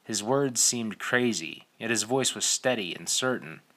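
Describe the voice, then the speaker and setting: Bright-toned male audiobook narrator. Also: on the low side, expressive, a little slow. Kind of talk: scripted narration.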